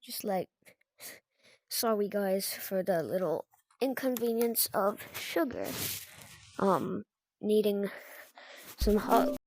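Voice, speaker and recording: A young girl chatting casually through a gameplay video, rambling and stopping to calm her crying dog. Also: mid-range voice, takes it slowly, long pauses, a little hiss or hum. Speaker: gaming video creator. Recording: game music playing behind.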